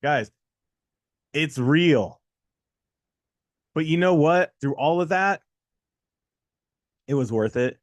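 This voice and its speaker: Animated man telling stories, dry mic. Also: a little high, takes it slowly, long pauses, no echo. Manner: animated storytelling, acts out quotes, repeats for emphasis. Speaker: co-host of a test-prep show. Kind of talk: casual motivational talk.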